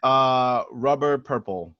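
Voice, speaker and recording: A man's voice: medium pitch, slow, dull audio. A man co-hosting a podcast in casual chat, laid-back and laughing at his own jokes. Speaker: podcast co-host.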